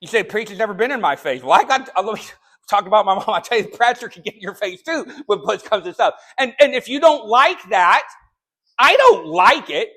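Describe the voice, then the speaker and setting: A man preaching a sermon, telling a story in a conversational way and then building to sharp, shouted rebukes. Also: high voice, expressive, fast talker. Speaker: pastor. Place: church sanctuary.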